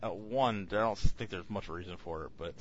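Low-voiced man rambling with fillers. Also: normal speed, muffled recording, a little hiss or hum. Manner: rambling, hesitant with many fillers. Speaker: podcast co-host reviewing films. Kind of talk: casual chat.

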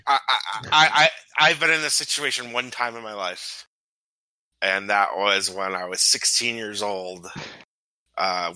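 A man on a podcast tells a story heatedly, swearing constantly. His voice is very bright and sharp, recorded close and dry. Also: lowish voice, dry recording, poor audio. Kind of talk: casual chat.

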